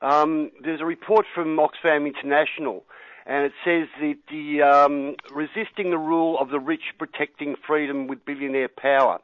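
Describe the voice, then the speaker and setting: A man's voice: fairly high pitch, steady tone, normal speed, no room sound, narrow, tinny audio. An Australian man calling in to a radio show, earnest and rambling, often saying mate. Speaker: caller. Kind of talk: call-in radio talk.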